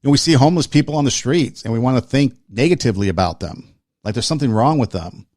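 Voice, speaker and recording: A man hosts a podcast, sharing a personal story in casual, earnest talk and repeating phrases for emphasis while speaking in short, list-like bursts. His mid-range voice has a darkish tone and sounds animated and fast. The recording is studio quality with no echo.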